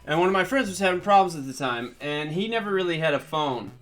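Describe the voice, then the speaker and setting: A man's voice: fairly high pitch, lively intonation, quick pace, a bit bright, soft background music. A man streaming a game and rambling through a long story in casual commentary, trailing off and restarting often. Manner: rambling, digressive, with fillers and trailing off.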